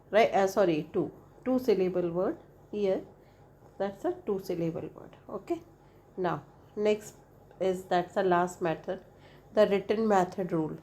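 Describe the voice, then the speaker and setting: A woman teaches an English lesson at an unhurried pace. She repeats each point and spells out the vowels one by one. She checks in with the listener between steps. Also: mid-range voice, warm tone. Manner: frequent "right?" checks with the listener. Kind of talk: explanatory lesson.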